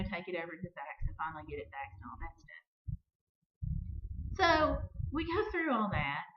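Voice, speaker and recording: A middle-aged woman hosting a vlog, telling a personal story in an animated way and acting out both sides of an argument. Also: medium pitch. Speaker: vlog host. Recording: echoey, dull-sounding room recording.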